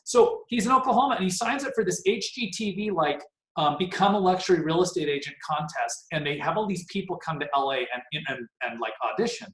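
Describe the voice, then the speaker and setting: A man's voice: on the high side, lively intonation, fairly quick, a bit bright, reverberant, low-quality recording. A man in his forties leading a casual motivational team meeting on a video call, rambling and self-deprecating. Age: 40s.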